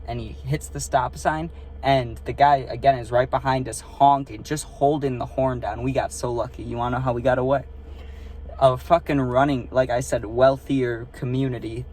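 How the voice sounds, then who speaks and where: A man's voice: mid-range voice, a little mellow, a little hiss or hum. A young man casually telling a rambling, profane story from inside his car, full of fillers and asides to the listener. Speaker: storytime vlogger. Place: parked car.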